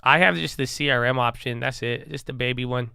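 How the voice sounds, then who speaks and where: A man's voice: mid-range voice, brisk, vocal fry, pushed and bright, clean tone, no room sound, studio quality. A man casually talking through stock moves on a livestream, rambling and joking, often trailing off into mumbles. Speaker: stock market livestream host. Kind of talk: casual live market commentary.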